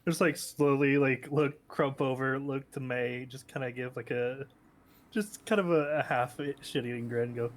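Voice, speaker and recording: A man's voice: medium pitch, steady tone, normal speed, slight background noise. A man playing a tabletop game, talking loosely with lots of fillers and casual swearing. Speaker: player.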